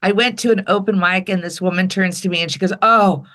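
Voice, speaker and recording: A woman comedian talking casually as a guest, telling animated stories and acting out the people she quotes. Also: fairly low pitch, quick pace. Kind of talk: casual political chat.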